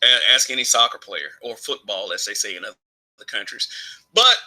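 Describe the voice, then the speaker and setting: A man's voice: on the low side, expressive, moderate pace, pushed and bright, poor audio. A man from Alabama giving his opinions in a casual vlog monologue, rambling, restarting phrases and chuckling often. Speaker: vlogger.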